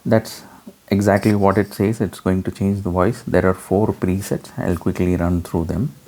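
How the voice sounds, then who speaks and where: A man explaining an audio mixer in a relaxed hands-on demo, with frequent fillers. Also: low-pitched, moderate pace. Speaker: gear reviewer.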